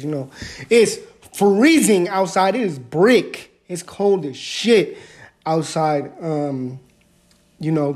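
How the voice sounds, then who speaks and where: A man's voice: on the high side, darkish tone. A man hosting his own podcast, chatting casually and rambling with lots of fillers and self-corrections. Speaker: podcast host. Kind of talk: casual solo podcast chat.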